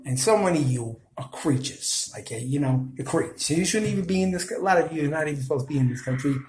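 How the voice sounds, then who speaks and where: A man's voice: fairly high pitch, expressive, fast, darkish tone, roomy sound, low-quality recording. Combative New York Italian man ranting. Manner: combative, scolding, blunt. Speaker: video commentator. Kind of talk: ranting commentary to camera.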